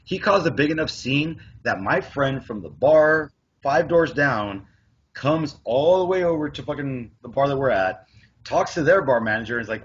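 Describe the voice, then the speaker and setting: A man spins a long, rambling story, cursing freely and acting out what everyone said. His voice is husky and sits in a middle register. The recording sounds dull and lo-fi. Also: mid-range voice, moderate pace. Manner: profane, rambling, animated retelling with quoted dialogue. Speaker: podcast co-host. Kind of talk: casual storytelling chat. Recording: dull lo-fi podcast audio.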